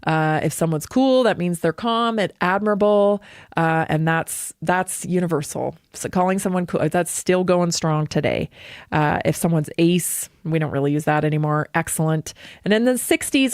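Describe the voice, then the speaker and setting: A woman from Canada hosting a radio show, talking in a chatty, animated way, repeating points for emphasis and laughing easily. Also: lowish voice, unhurried, clean tone, no echo, studio quality. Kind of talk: casual monologue.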